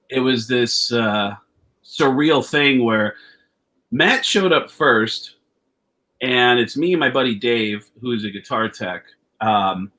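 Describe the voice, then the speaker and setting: Animated male storyteller on a video call. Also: mid-range voice. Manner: animated storyteller, acts out quotes with raised voice; profane, rambling with many restarts. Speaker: comedian guest. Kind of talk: storytelling anecdote.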